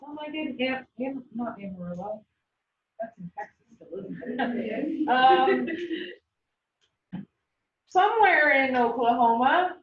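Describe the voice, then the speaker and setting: A woman's voice: high voice, slow, pauses often. Chatty woman lecturing in an echoey classroom. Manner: chatty, laughs often, animated storytelling. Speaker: instructor. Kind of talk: classroom lecture with personal anecdotes. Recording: roomy, dull sound from a distant mic.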